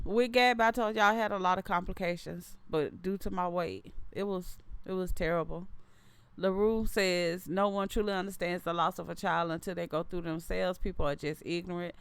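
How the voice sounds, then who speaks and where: This livestream host, a woman in her thirties, talks casually and reads comments aloud, often circling back to restart her phrases. Her lowish voice is smooth and a bit bright, recorded dry.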